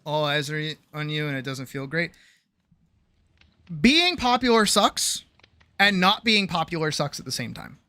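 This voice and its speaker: This streamer's medium-pitched voice is very animated yet unhurried, pushed and bright, with long pauses, captured in a dry recording. Chatting casually with viewers from a home streaming setup, they ramble, swear, break off mid-sentence and laugh often.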